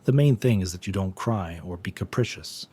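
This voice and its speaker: A cocky young hero fighter, calm and teasing in a story recap, read by a man in his own low voice. The tone stays level, with almost nothing acted. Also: normal speed, husky. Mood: confident.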